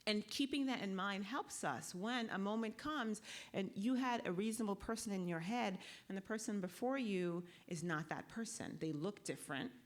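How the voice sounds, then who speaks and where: A woman law professor speaking on a conference panel, lecturing in a conversational way and often checking in with tag questions. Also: medium pitch. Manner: walks the audience through a guided exercise.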